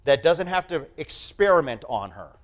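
A male preacher delivering a sermon, emphatic and animated, repeating phrases for effect. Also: a little high, moderate pace.

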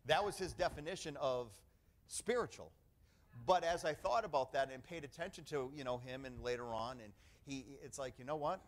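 A middle-aged male pastor delivers a sermon in an emphatic, conversational preaching style. His voice sits at an ordinary pitch for a man. He punctuates his points with calls of "amen" and repeated phrases. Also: lively intonation, fairly quick.

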